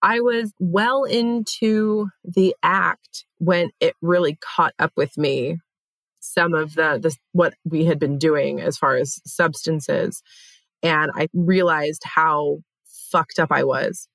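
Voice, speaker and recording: A woman's voice: low voice, fairly even intonation, slow pace, gravelly, fairly bright tone, dry recording. A young adult woman co-hosting a podcast, chatting candidly and swearing freely. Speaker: podcast co-host. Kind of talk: casual chat.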